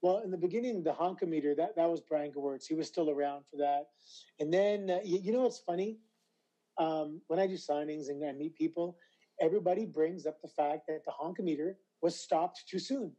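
A man being interviewed about his wrestling career, voice slightly hoarse, telling stories animatedly with stammered restarts. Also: fairly high pitch, a little fast, mellow, low-quality recording. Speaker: interview guest, former wrestler. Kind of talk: casual interview chat.

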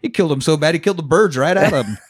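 A podcast co-host talks rapid-fire in a fairly high voice with lively intonation. He recaps a film in casual chat, cursing freely, cracking jokes, laughing often, and acting out scenes.

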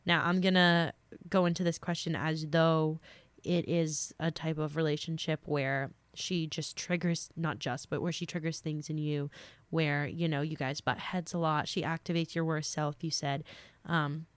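A woman's voice: deep voice, steady tone, moderate pace, clear, resonant tone, no echo. A young woman hosting a podcast, talking through listener questions in a chatty, earnest way with lots of fillers, a little sick. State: slightly sick. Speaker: podcast host. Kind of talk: casual advice talk.

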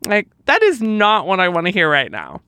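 A woman's voice: on the low side, huge pitch swings, normal speed, sharp tone, smooth, no room sound, studio quality. A woman podcast co-host telling an emotional personal story, acting out the people in it with quoted dialogue.

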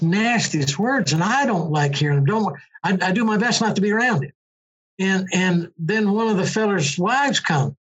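An older man tells racing stories in a loose, rambling way, full of restarts. His voice is husky and a little breathy. The recording sounds dull and lo-fi. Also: high voice, fairly bright tone. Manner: rambling storyteller, many restarts and fillers. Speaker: interview guest, former motorcycle racer. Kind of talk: casual conversation.

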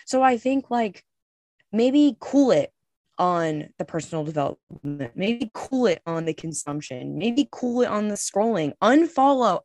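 A woman's voice: a little high, dry recording, clean studio sound. A young woman co-hosting a podcast, talking in a candid, emphatic way and swearing freely. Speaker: podcast co-host. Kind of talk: casual podcast chat.

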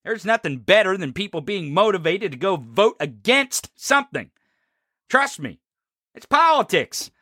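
A man's voice: high voice, very animated, unhurried, bright, forceful tone, dry recording, studio quality. A man hosting a political talk show, delivering a fiery, profane, combative rant. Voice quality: heavy swearing, fiery and combative.

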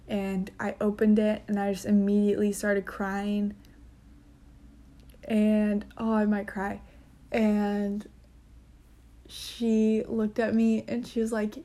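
A woman's voice: mid-range voice, steady tone, takes it slowly, long pauses, mellow. A young woman hosting her own podcast, talking in a chatty, earnest way, with frequent ums and gushing asides. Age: young adult. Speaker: podcast host. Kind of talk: casual solo podcast chat.

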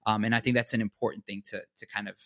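A man's voice: fairly low pitch, flat delivery, very fast, fairly bright tone, no room sound, studio quality. A man chatting casually as a podcast co-host, adding brief agreeing interjections. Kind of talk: casual chat.

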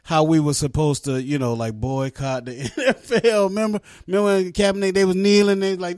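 A man co-hosting a podcast, talking in loose, animated, swearing banter and laughing often. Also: sits high, brisk, hardly any pauses, dry recording, clean studio sound. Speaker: podcast co-host. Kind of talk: casual chat.

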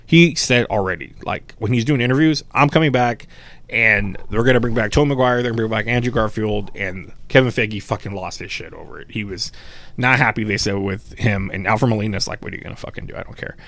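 A man co-hosting a podcast, rambling in casual, animated chat and swearing freely. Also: fairly low pitch, fairly quick, creaky. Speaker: podcast co-host.

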